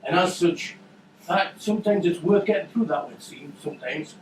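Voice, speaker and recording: A man's voice: sits high, normal speed, slight background noise. A man hosting a book launch, talking in a rambling, jokey way with lots of restarts. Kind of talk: casual public remarks. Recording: echoey room from far off.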